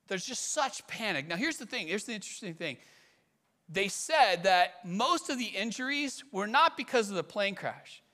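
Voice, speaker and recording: Bright high-voiced pastor preaching. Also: male voice. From California Bay Area. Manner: animated storytelling, swings between loud emphasis and quiet asides. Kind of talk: conversational sermon.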